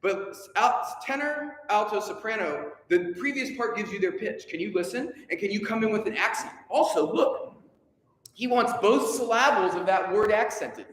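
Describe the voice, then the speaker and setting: A man's voice: sits high, lively intonation, moderate pace, a bit bright. A man leading a choir rehearsal, upbeat and teasing as he coaches singers and counts them in. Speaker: choir director. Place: large rehearsal room. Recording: echoey rehearsal hall, long reverb.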